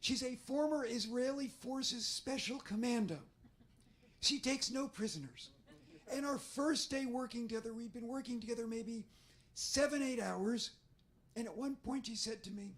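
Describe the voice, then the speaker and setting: Hoarse man with a strained voice. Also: extremely high pitch, normal speed. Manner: theatrical, self-deprecating storyteller. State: hoarse, damaged voice after covid. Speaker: author. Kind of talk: author talk at a bookstore event. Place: bookstore event space.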